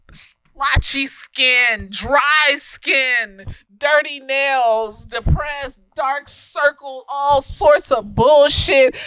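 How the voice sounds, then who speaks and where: Young woman, casual profane reviewer, slightly tipsy, laughs a lot; high, smooth, resonant voice. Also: fairly bright tone, no room sound. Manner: profane, laughing often, emphatic. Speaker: film reviewer.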